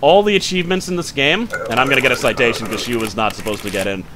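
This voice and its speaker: A man giving casual let's-play commentary, thinking aloud as he checks details, quick to grumble and then apologize. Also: medium pitch, background noise. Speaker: gaming channel host.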